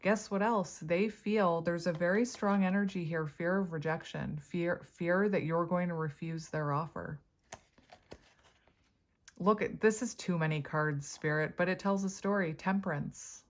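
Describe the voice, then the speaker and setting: Woman, lower register, casual tarot reader, chatty, thinks aloud, quick to laugh. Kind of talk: casual tarot reading to camera.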